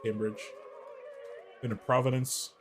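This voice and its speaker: A man's voice: mid-range voice, level tone, a little slow. Man, Midwest, casual game streaming chatter, mid-range voice, faint music behind. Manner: chatty, answers chat questions aloud. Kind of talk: casual gameplay commentary.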